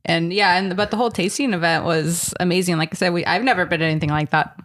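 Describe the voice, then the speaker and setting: A woman's voice: fairly low pitch, steady tone, quick pace, a bit bright. A woman who is a guest on a podcast, chatting casually and laughing easily. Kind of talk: casual chat.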